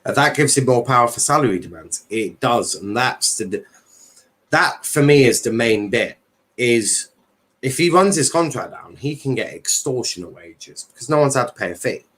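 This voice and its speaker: A man's voice: medium pitch, lively intonation, moderate pace, a bit bright. A man hosting a casual football chat stream, talking in a rambling way with many fillers and restarts. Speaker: livestream host.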